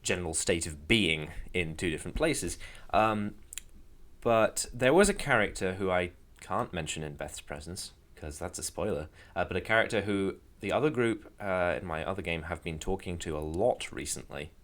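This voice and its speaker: A man's voice: deep voice, lively intonation, moderate pace, a bit bright. A man co-hosting a podcast as a game master, talking in a rambling way with dry, self-deprecating humor. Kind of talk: casual chat.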